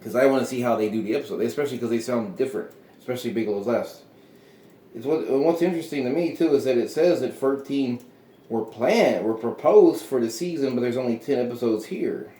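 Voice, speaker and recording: A man's voice: medium pitch, brisk, warm tone, reverberant. A man hosting a casual solo show, rambling through his thoughts with frequent chuckles and trailing off. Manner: meandering, chuckling often, trailing off. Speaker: podcast host.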